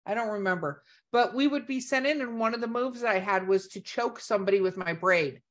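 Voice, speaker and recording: A woman's voice: mid-range voice, brisk. A woman co-hosting a podcast in casual chat, talking in a chatty way full of "like". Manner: chatty, lots of "like". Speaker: podcast co-host.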